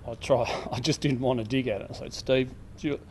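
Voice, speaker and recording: A man's voice: mid-range voice, steady tone, fast talker, vocal fry, a little mellow, a little hiss or hum, rough recording. An Australian man from a school's staff telling a funny story, laughing easily. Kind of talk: documentary interview.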